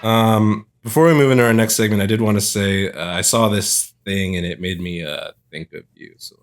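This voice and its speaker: A man's voice: low-pitched, a little fast, faint music behind. A man hosting a podcast in casual chat, joking loosely and swearing freely. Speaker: podcast host.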